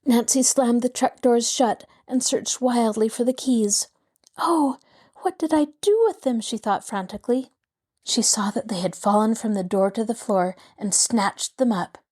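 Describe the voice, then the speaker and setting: A woman host narrating a mystery novel aloud with a lively, dramatic delivery. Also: fairly high pitch. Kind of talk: scripted storybook narration.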